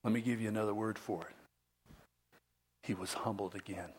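A man pastor preaching a sermon, dramatic, dropping to whispers and rising to loud emphasis. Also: fairly low pitch, fairly even intonation, normal speed, husky.

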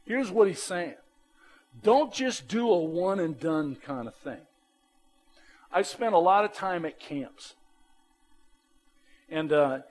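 Male pastor, sermon, emphatic, plain-spoken, lively pitch, faint music behind. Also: rough recording.

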